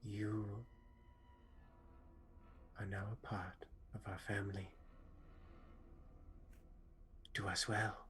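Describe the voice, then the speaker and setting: A man doing a hushed, solemn drow priestess. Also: big pitch swings, takes it slowly, noisy background. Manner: hushed, low and quiet. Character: gentle, solemn drow priestess welcoming a convert.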